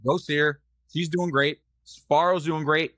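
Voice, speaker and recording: Playful Boston podcast host. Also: male voice, a little high, fairly even intonation, a little slow, fairly bright tone, dry recording, studio quality. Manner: playful, teasing, announcer-like sponsor reads. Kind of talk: casual podcast chat.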